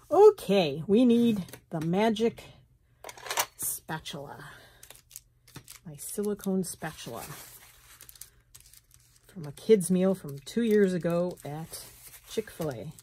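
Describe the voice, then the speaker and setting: Craft vlogger, middle-aged woman, slight Southern lilt, husky, warm and unhurried, thinks out loud. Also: on the low side. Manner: chatty, thinks aloud while crafting, frequent soft laughs. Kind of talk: casual craft tutorial chat. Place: home sunroom, indoors.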